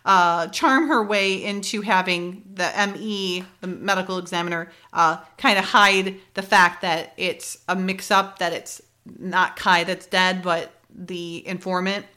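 Bright-voiced chatty woman recapping. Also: lowish voice, steady tone, a little slow, few pauses. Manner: laughs often, retells scenes with many fillers. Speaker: podcast co-host recapping a TV episode. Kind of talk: casual chat.

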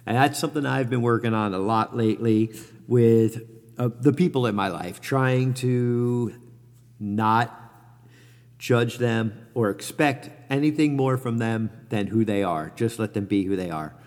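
A man's voice: medium pitch, measured pace, darkish tone. Middle-aged guy rambling honestly about life, lots of "you know", voice has a long echo like a hall. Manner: rambling, candid, many fillers and self-corrections. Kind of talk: reflective personal monologue.

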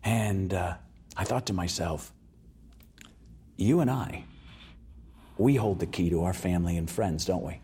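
A man's voice: sits low, a little slow, long pauses, dark tone, husky. A man telling a story as an interview guest, acting out the voices of the people in it.

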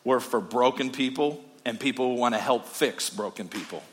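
A male pastor preaching a sermon with energetic, emphatic delivery, often repeating his points for emphasis. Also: mid-range voice, moderate pace, background noise.

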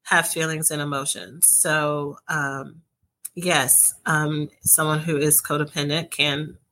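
A woman speaking as a guest expert, explaining relationship patterns in a measured, patient, reassuring way. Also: sits low, level tone, sharp tone. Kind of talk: calm explanatory advice in conversation.

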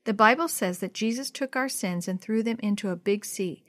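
A woman voicing a gentle, patient father in a storybook, reading calmly. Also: medium pitch, moderate pace, no echo, close to an everyday voice.

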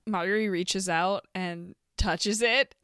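A woman playing a tabletop game in a giggly, animated way. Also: mid-range voice, slow, clean tone, no echo, clean studio sound. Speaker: player.

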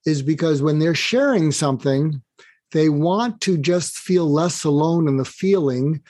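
A man's voice: a little high, unhurried, no room sound. An older man guest on an interview, explaining advice animatedly and acting out bits of dialogue. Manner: animated, acts out quoted dialogue. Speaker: guest author.

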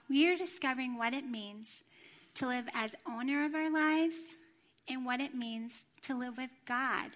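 A middle-aged woman giving a sermon in a church, telling a personal story in an animated way and acting out the voices she quotes. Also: fairly high pitch. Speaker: former children's ministry director, church speaker.

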